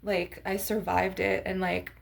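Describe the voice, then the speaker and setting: A woman's voice: mid-range voice, level tone, unhurried, creaky. A young woman vlogging casually to her viewers, rambling with lots of "like" and "you guys" as she shows off her crystals. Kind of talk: casual chat to camera.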